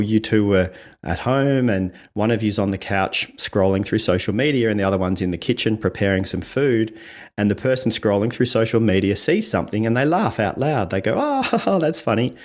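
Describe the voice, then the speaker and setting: A man's voice: on the low side, normal speed, a little mellow. A man from Australia, a communication coach, explaining ideas in steps on an interview podcast, acting out quoted voices and laughing often. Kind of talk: conversational interview.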